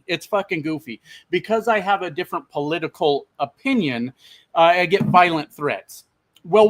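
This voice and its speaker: Profane, fairly high-voiced man telling a story. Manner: profane, animated, addresses viewers as "my friends". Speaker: truck driver and channel host. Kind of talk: casual storytelling vlog.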